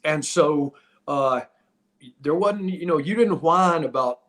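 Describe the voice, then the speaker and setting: This middle-aged podcast host, a former pro wrestler, tells wrestling stories casually and ramblingly, often restarting his sentences. His voice is on the high side, and he takes his time.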